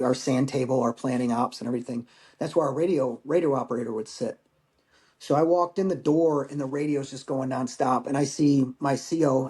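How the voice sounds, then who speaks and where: Man telling a halting war story. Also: mid-range voice, dark tone. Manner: halting, emotional storytelling with profanity. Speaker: podcast guest, Marine veteran. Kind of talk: personal war story in conversation.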